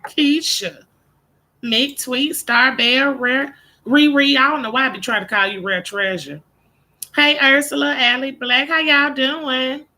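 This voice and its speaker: Woman live-stream host, high bright voice, blunt and profane. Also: a little slow. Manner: greets viewers by name, blunt and profane. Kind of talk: casual live-stream chat.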